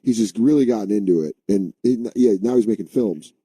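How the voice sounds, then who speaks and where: A man's voice: lowish voice, a little fast, mellow, breathy edge, no room sound. A man co-hosting a comedy podcast, riffing loosely in casual chat and slipping into goofy voices. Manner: riffing, doing silly mock voices. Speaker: podcast co-host.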